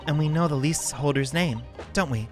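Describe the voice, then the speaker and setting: A man's voice: fairly high pitch, fairly quick, faint music behind, close to an everyday voice. A man voicing a jittery young woman witness with a Valley Girl-ish lilt in a game let's play. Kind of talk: game voice-acting.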